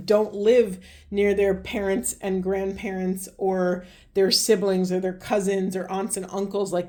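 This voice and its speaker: Mellow-voiced woman giving a rambling card reading. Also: medium pitch. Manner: meandering, searching for words with many fillers. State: voice getting hoarse. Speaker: tarot reader. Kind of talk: spiritual card reading monologue.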